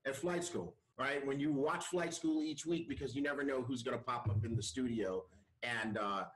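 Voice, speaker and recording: A man hosting a podcast, giving a lively pep talk with frequent repeats and restarts. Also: mid-range voice, normal speed, reverberant, rough recording. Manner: energetic, repeats himself, pep-talk style. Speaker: podcast host. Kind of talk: casual chat.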